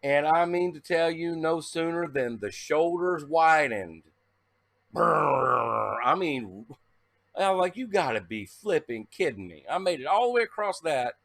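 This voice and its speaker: A man casually telling a story to camera, animated and swearing, acting out his own past reactions. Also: on the high side, moderate pace, dry recording. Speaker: vlogger.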